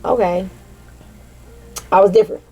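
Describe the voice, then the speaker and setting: A woman's voice: mid-range voice, steady tone, moderate pace, dark tone, slightly rough, soft background music, rough recording. Blunt, profane woman reading tarot. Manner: blunt and profane, heavy on "like" fillers; talks directly to viewers, often asks "you feel what I'm saying?". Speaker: tarot reader. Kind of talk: casual tarot reading to viewers.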